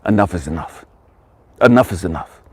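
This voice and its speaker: A man giving an impassioned motivational monologue as a life coach, profane and emphatic, repeating his phrases and dropping from loud to hushed. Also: low-pitched, expressive, a little fast, husky.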